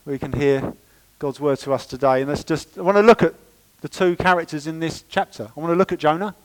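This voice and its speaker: A man delivers a sermon in church with a fairly high voice. He preaches in a lively, chatty way and drops playful asides to the congregation. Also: a little fast, rough recording. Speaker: pastor.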